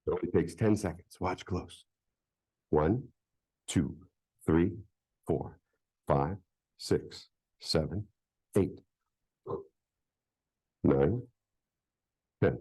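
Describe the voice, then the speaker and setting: A man's voice: low-pitched, drawn-out words, pauses often, mellow, breathy edge, low-quality recording. A man performing a live magic show for children at a public library, joking playfully with the crowd.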